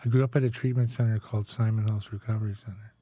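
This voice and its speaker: A man in his forties from Canada tells his story candidly as a podcast guest, often checking in with "right?" and "eh?". His voice sits low and dark, and the recording is dry and close. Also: steady tone, racing, no room sound. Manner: conversational, frequent "right?" and "eh?" tags.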